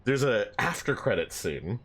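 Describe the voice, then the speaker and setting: A man's voice: medium pitch, big pitch swings, a little slow, fairly bright tone, husky. A young man telling a story about his dream in a rambling, laughing way, swearing often. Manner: rambling, swears a lot, laughs between lines. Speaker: streamer.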